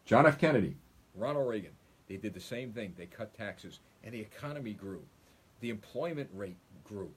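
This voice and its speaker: A man's voice: on the low side, animated, moderate pace, slightly rough. A middle-aged man hosting a political live stream, talking emphatically and repeating points to his listeners. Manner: emphatic, repetitive, addresses listeners as folks. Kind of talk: political commentary monologue.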